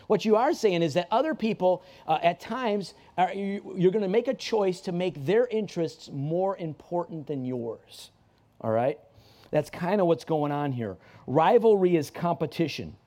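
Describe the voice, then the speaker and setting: A man's voice: a little high, warm tone. A man preaching a sermon to a church congregation in a conversational way, often restarting his sentences and repeating key phrases for emphasis. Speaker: pastor. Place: church service.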